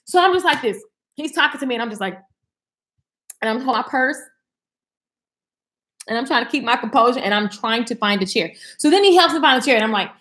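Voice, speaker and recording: A woman with a high, bright voice tells a story to a live audience. She talks casually and dramatically, dropping to a hush and then jumping up loud. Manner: animated, dramatic, swings from hushed to loud. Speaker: speaker telling a personal story.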